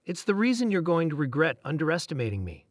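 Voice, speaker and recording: A quiet, resolute young girl, read by a man who speaks softly but firmly. The voice sits a little high, and the recording is dry. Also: quick pace, no room sound. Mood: calm. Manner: soft, calm and firm. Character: calm, quietly determined young human girl.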